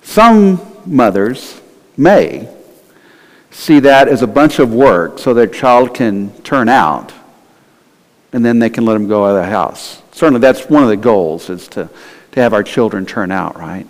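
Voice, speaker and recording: A man's voice: mid-range voice, lively intonation, a little slow. A male pastor giving a conversational sermon in a church, sometimes acting out quoted voices. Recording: long hall reverb.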